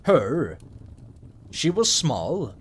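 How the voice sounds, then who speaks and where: A man reads a horror story aloud in a slow, unhurried way. His voice sits fairly high and moves a lot in pitch. A husky, breathy grain runs through every line. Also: wildly swooping pitch. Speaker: story narrator. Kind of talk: scripted horror story narration.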